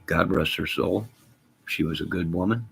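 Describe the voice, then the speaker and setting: A middle-aged man hosting a casual livestream, reading viewer comments aloud, rambling and joking deadpan with sudden loud outbursts. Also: moderate pace. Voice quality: gravelly, husky low voice.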